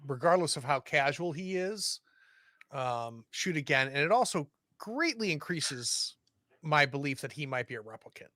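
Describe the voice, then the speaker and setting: A man's voice: on the high side, lively intonation, moderate pace, pushed and bright, dry recording, studio quality. A man playing a tabletop role-playing game, talking through his moves in a hesitant, stumbling, self-deprecating way. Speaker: player.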